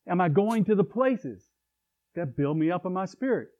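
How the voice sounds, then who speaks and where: A man's voice: high-pitched, expressive, normal speed. A middle-aged man preaching a sermon in a conversational way, with chuckles and asides. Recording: tinny phone-like recording.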